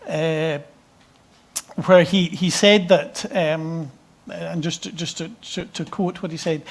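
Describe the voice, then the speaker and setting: A middle-aged man from Scotland giving a conference presentation to an expert meeting, hesitant, with frequent fillers and restarts and a dry, measured delivery. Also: fairly high pitch.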